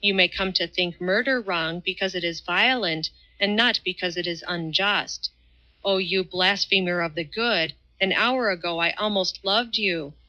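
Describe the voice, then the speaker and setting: A woman voicing a fierce, devout Highland swordsman who speaks in a fervent, solemn, preaching tone, in a dull lo-fi recording. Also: a little slow, sharp tone. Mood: impassioned.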